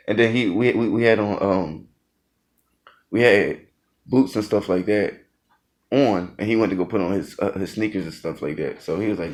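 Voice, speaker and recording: A man's voice: on the low side, normal speed, a little mellow. A young man, a former Marine, telling a boot camp story in a loose, laughing, slangy way. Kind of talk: casual storytelling vlog.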